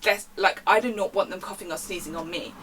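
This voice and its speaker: A young woman voicing a rude, entitled middle-aged woman shopper who loudly demands things. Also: fairly low pitch, brisk, far from the mic, a little hiss or hum, natural voice. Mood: demanding.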